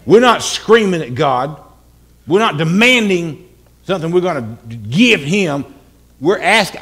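Man, church sermon, dramatic, sudden shouted calls, joking asides, quite high voice. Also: lively intonation, a little slow, slightly rough. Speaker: pastor. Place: church sanctuary.

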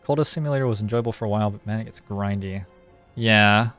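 Male streamer, deeper register, unhurried over-explainer of every move, soft game music under him. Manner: relaxed, thinks aloud, explains at length with frequent "like". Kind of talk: casual live-stream gameplay commentary.

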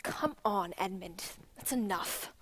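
A woman voicing a sensible older sister who takes charge briskly. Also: mid-range voice, a bit bright, slightly rough, voice pushed down. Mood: firm.

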